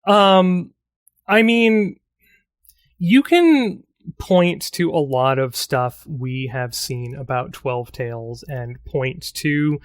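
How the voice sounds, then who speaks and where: A man co-hosting a podcast in casual chat, musing in a relaxed way and trailing off softly. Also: fairly high pitch, slow, no echo, studio quality. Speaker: podcast co-host.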